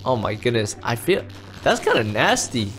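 A man playing himself in a comedic Minecraft roleplay, excitable and quick to exclaim and yell. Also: medium pitch, soft background music. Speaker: roleplay series creator and lead player.

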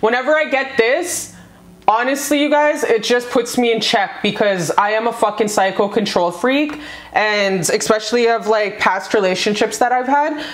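A tarot card reader gives her viewers a casual pick-a-card love reading, gushing and swearing freely and calling them "you guys." Her voice is a little high at a moderate pace, with roomy echo around it.

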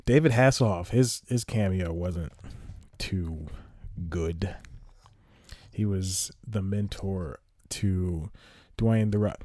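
A man rambles through a solo podcast review, exasperated, sighing and drifting off on tangents. His voice sits a bit low and sounds mellow. The recording is dry and close. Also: no room sound. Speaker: podcast host.

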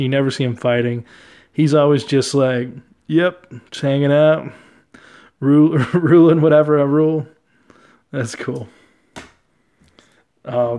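A young man casually talking through his trading card collection, relaxed and chatty, often laughing and using fillers. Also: medium pitch. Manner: relaxed, chatty, easily amused, many fillers.

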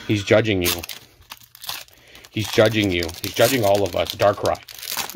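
A man's voice: on the low side, fairly even intonation, a little slow, pauses often, background noise. A man hosting a casual card-opening video at home, talking in theatrical, emphatic bursts. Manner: loud, theatrical outbursts in spurts. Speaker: card-opening channel host. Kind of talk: casual pack-opening banter. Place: home apartment.

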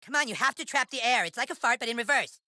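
A man's voice: very high voice, expressive, quick pace, no room sound, exaggerated voice. An actor playing a crude, bossy young boy acting as a mock-solemn fantasy mentor in a video game. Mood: coaching. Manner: mock-solemn, foul-mouthed. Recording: game audio with loud music.

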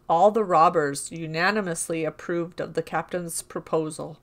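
Female storyteller, calm even read-aloud of a classic tale. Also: fairly low pitch, moderate pace. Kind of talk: storybook narration.

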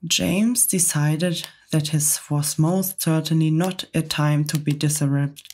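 A woman reading a children's book aloud in whispered role-play, soft and measured ASMR storytelling. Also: low voice, fairly even intonation, husky. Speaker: storybook reader.

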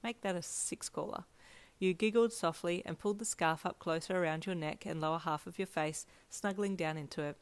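Una donna legge una storia in seconda persona con un ritmo gentile e regolare. La sua voce è piuttosto grave e la registrazione è secca e ravvicinata, senza riverbero della stanza. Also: female voice, fairly low pitch, fairly quick, hardly any pauses, clear, resonant tone, no room sound. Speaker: fanfiction narrator. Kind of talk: second-person story narration.

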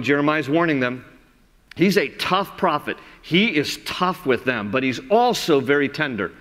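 Earnest pastor preaching in a reverberant sanctuary. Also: male voice, on the high side, fairly bright tone. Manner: earnest, conversational preaching that rises into impassioned emphasis. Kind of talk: sermon. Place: large church sanctuary. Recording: long hall reverb from sanctuary.

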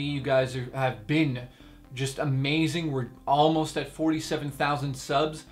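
A man chatting through a video game review in a voice pitched a little above most men's. He gets excited and joking, throwing in big exaggerated asides. Soft music plays behind him.

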